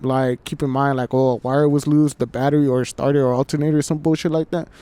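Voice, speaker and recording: A man's voice: mid-range voice, little pitch movement, quick pace, dark tone, clean tone. A man telling a story in a casual podcast chat, slangy and profane, calling everyone "fool" and piling on restarts. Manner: slangy, swears a lot, says "fool" constantly. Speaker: podcast co-host. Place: outdoors at night. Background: faint train.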